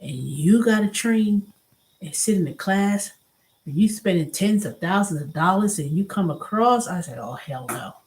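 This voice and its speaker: A woman's voice: medium pitch, moderate pace, a little hiss or hum. A middle-aged woman hosting a casual vlog, venting animatedly and often restarting and repeating herself. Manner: animated venting, acts out quoted voices. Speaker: show host.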